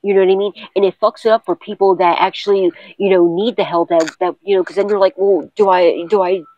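A woman's voice: medium pitch, steady tone, fast, dark tone, lo-fi sound. A woman tarot reader in a casual vlog, talking bluntly and cursing often while she repeats urgent warnings to her viewers.

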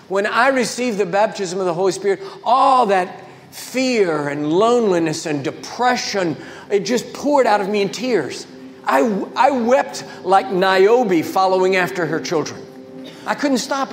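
An older man preaching a sermon as a guest speaker, telling stories with emphatic swings in pitch and volume. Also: slight background noise. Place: large church sanctuary. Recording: reverberant church hall with faint music.

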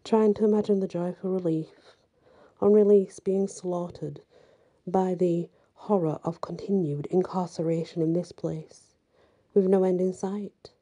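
Husky, dark-toned woman telling a story. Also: lowish voice, fairly even intonation, unhurried. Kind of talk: storybook reading.

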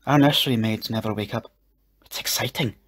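A man voicing a bold, matter-of-fact young girl who speaks in a soft, steady whisper. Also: lowish voice, a little fast.

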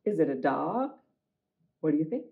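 Animated woman reading a picture book. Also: low-pitched, moderate pace, vocal fry, narrow, tinny audio, slight background noise. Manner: animated, inviting, talks to the children. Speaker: children's librarian. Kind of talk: storytime read-aloud.

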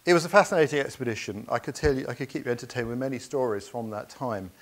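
Male speaker, storytelling keynote, earnest, anecdotal, halting fillers. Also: medium pitch.

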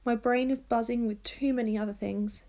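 A woman's voice: a little high, steady tone, moderate pace, dark tone. A woman teacher reading a children's novel aloud to her class, telling it steadily and switching into voices for the characters.

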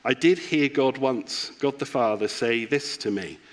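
A man's voice: medium pitch, measured pace. A man giving a reflective, personal sermon as a church pastor.

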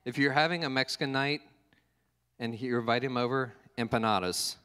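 A male pastor giving a relaxed, conversational sermon with jokes and restarts. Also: mid-range voice, fairly quick, smooth, big-room sound. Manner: casual, joking, fond of fillers and restarts.

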